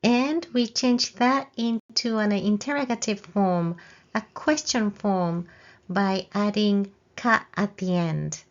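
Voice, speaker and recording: A woman with a medium-pitched voice speaks slowly in a lo-fi video language lesson. Explaining grammar step by step, she models example phrases with a rising question tone for learners to repeat, keeping the lesson slow and clear.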